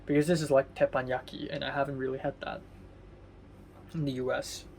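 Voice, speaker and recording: A man's voice: medium pitch, flat delivery, brisk, vocal fry, a little mellow, a little hiss or hum. A young man chatting casually for a vlog. He rambles, stops often to restart, and swears in passing. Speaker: vlogger.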